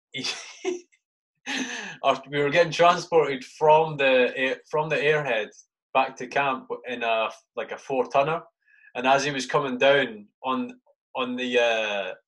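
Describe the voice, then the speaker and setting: Speaking slowly in a medium-pitched, fairly bright voice with fairly even intonation, a thirty-something army sergeant shares war stories on a podcast. It's casual storytelling loaded with swearing, "mate" in each sentence, and acted-out versions of his past reactions.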